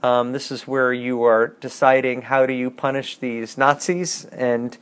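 A man's voice: mid-range voice, steady tone, a little slow, clean tone. A man teaching a casual bible class, reading scripture aloud and adding wry, chatty asides.

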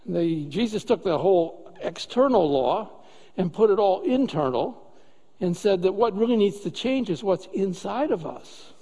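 A man's voice: sits high, expressive, a little slow, warm tone, breathy edge, long reverb tail. A man preaching a sermon as a pastor, talking in an easy, conversational way and often asking rhetorical questions.

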